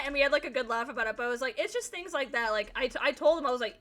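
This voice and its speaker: A young woman streams and chats casually, her voice bright and a little high. She rambles through a story, packing it with fillers and the odd swear word. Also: rapid-fire, hardly any pauses. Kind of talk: casual chat while streaming a game.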